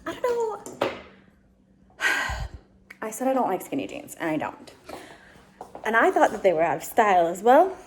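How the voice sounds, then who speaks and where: A woman's voice: medium pitch, wildly swooping pitch, a little slow, pauses often, heavy background noise. A woman chatting casually to her camera, exasperated and venting as she talks through her errands. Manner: ranting, exasperated, talkative. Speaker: vlogger.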